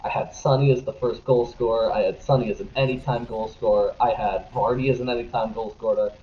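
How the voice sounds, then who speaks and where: A young podcast co-host rants and cusses about sports at a fairly quick pace, lurching between low grumbles and loud outbursts. The recording sounds roomy and a little dull, with slight background noise.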